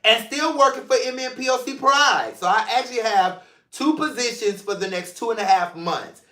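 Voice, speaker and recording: A man's voice: extremely high pitch, moderate pace, pushed and bright. A man hosting his own mental health show, talking casually and playfully to his viewers from his chair at home. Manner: chatty, playful, affectionate toward viewers. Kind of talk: casual solo vlog talk. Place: seated in a room at home. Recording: roomy, echoey room.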